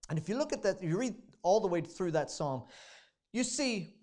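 A man's voice: high voice, expressive, moderate pace, darkish tone. A man preaching a sermon in a conversational way, often restarting his sentences and acting out prayers. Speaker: pastor.

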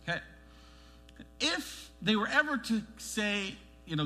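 A middle-aged man preaching a sermon as a pastor, animated, pushing his emphasis upward and acting out the voices he quotes. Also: high voice, a little slow, soft background music.

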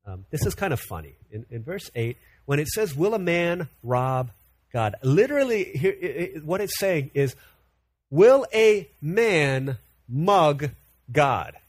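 A man preaching a sermon in an animated way, often repeating words as he builds a point. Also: on the high side, moderate pace, dry recording. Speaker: pastor.

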